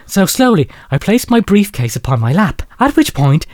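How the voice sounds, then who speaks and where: A male radio host reads a listener letter in a theatrical, laughing way. His voice swings up and down a lot and sits a bit high, recorded dry and close in the studio. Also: very animated, normal speed, a little mellow, dry recording. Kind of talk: comic radio letter reading.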